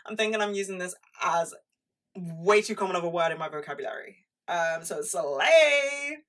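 A woman's voice: on the low side, sharp tone, far from the mic. A young woman hosting a podcast, speaking in a frank, chatty monologue full of "like" and swearing. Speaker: podcast host. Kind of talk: casual monologue on pop culture.

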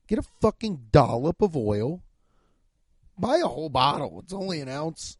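A man's voice: a little high, big pitch swings, moderate pace, breathy edge, dry recording. A man hosting a comedy podcast, reading sponsor ads in profane, over-the-top hype. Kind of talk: comedic ad reads.

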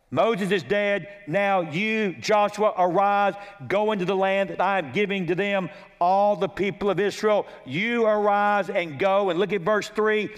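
A man delivers an expository sermon from the pulpit, his voice sitting rather high for a man. He moves methodically through chapter-and-verse references and restates his main lines for emphasis. The sound carries a long reverberant tail from a church sanctuary. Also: fairly even intonation, a little slow, smooth. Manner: repeats key lines for emphasis. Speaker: pastor.

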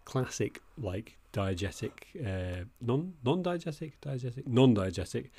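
A man co-hosting a film podcast, talking with enthusiasm in a halting, restart-heavy way. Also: medium pitch, expressive, dark tone, husky. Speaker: podcast co-host. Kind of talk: casual film discussion.

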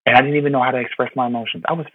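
A man's voice: mid-range voice, fairly even intonation, very fast, slightly rough, dry recording. A man in his thirties from Florida, a pastor telling a personal story in an interview, earnest and heartfelt, with many fillers and repeated words. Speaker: pastor, podcast guest. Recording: dry, tinny phone-line sound.

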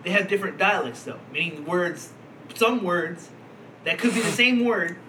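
A man co-hosting a laid-back podcast, his voice high and bright as he rambles through a point, laughing and cursing along the way. A faint noise sits under the recording. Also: normal speed, low-quality recording. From Philadelphia. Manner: rambling, laughs often, swears casually. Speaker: podcast co-host. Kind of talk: casual chat.

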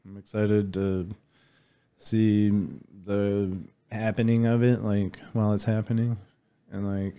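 Southern man, podcast guest; mellow, smooth tone, easygoing rambling delivery. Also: on the low side, little pitch movement, slow pace. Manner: loose, rambling, full of "like" fillers. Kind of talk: casual podcast chat.

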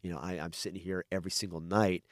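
Man, middle-aged, very low voice, rapid talk, candid rambling, dry close sound. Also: steady tone, no room sound. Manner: candid, rambling, frequent restarts and swearing. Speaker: adoptive father. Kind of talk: casual podcast conversation.

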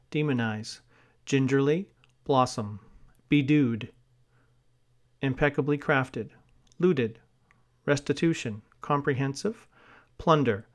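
Male reader, mid-pitched, very slow and deliberate delivery for a vocabulary list, spells words and flags hyphens.

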